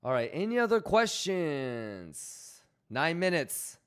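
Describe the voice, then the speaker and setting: A man's voice: fairly high pitch, sing-song, slow, fairly bright tone, smooth. A man hosting a live stream, joking around loosely with swearing and greeting viewers by name. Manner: loose, profane banter reading chat messages aloud; hyped, calling out viewers by name. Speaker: livestream host. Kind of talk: casual livestream chat.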